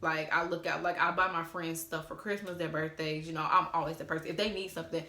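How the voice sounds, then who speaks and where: A woman's voice: sits low, fairly even intonation, quick pace, pushed and bright. A woman in her twenties telling a storytime, sassy and profane, talking straight to her viewers. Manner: sassy, profane, exasperated retelling. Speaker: storytime vlogger. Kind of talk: casual storytime. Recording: roomy echo.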